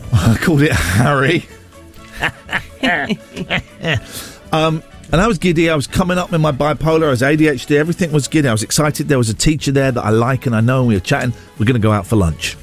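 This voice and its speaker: A man's voice: fast talker, faint music behind. A man, co-hosting a podcast and telling a story in casual chat, acting out the lines he quotes. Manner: animated, acts out quotes with big pitch jumps. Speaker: podcast co-host.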